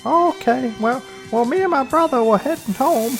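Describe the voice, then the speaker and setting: A man's voice: extremely high pitch, normal speed, creaky, over music, voice pushed up. A man voicing a nervous, whiny young boy in a comedy sketch.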